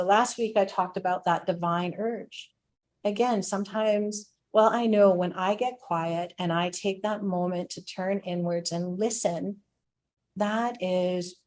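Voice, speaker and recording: A woman's voice: fairly low pitch, darkish tone. A woman, a spiritual director, giving a reflective spiritual talk and telling stories, laughing now and then.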